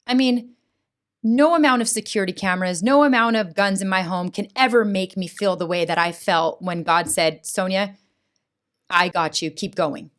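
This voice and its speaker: A middle-aged woman, a school board president appearing as a podcast guest, gives emotional personal testimony about her experiences with earnest feeling. She's animated, often checking in with her listener by asking "right?" Her voice is mid-range and her speed normal.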